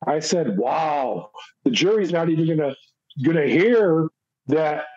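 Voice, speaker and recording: Husky american guy, kinda high voice, blunt storyteller, dull lo-fi sound. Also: animated, measured pace, a little mellow. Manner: emphatic, blunt storytelling, acts out quoted people. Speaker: podcast guest, former prison officer. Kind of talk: storytelling in a podcast interview. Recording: dull lo-fi audio.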